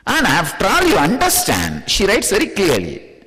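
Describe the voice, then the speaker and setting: Indian-accented male spiritual teacher, high animated delivery, playful and laughing, long reverb of a hall. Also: moderate pace. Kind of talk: spiritual discourse.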